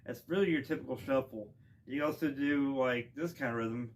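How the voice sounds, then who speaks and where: A man giving a casual instrument lesson outdoors, relaxed and rambling with plenty of ums and restarts. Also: medium pitch, normal speed. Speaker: music teacher. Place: outdoors with wind. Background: bowed string instrument playing.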